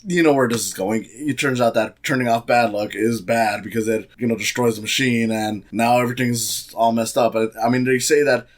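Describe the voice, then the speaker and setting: A man's voice: medium pitch, steady tone, normal speed, few pauses. A man hosting a podcast, giving a casual and sardonic film review with lots of fillers and restarts. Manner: rambling, sardonic, many fillers. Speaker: podcast host.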